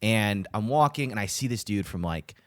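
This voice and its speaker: Young male podcast co-host, profane, lively delivery, dry close sound. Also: lowish voice, moderate pace, dry recording. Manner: profane, animated storytelling with acted-out quotes. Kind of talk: casual chat. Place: Denver.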